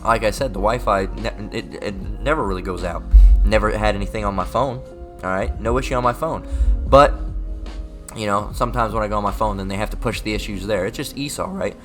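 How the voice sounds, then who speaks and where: A man giving a casual livestream Bible lesson. He rambles, repeats words and keeps adding "all right?", and he reads scripture aloud slowly and deliberately. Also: on the low side, a bit bright, soft background music. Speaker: online scripture teacher.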